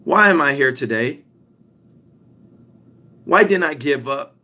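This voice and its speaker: A man's voice: fairly high pitch, expressive, slow, bright, forceful tone. A young man giving a motivational talk, emphatic and repetitive, stretching out his key lines. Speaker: motivational speaker.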